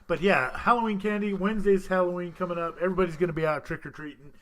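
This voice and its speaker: A man's voice: high voice, steady tone, fast talker, a bit bright. A man hosting a casual podcast, joking with his co-hosts and filling gaps with "uh" as he talks. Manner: joking, laughs often, many fillers. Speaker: podcast host.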